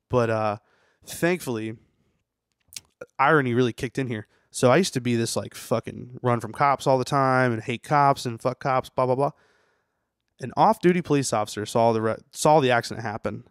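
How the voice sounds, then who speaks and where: A man's voice: medium pitch, smooth, dry recording, clean studio sound. A young man, a tattooer, telling a story in a rambling, profane way full of "you know" on a podcast. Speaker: tattooer guest. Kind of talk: casual storytelling interview.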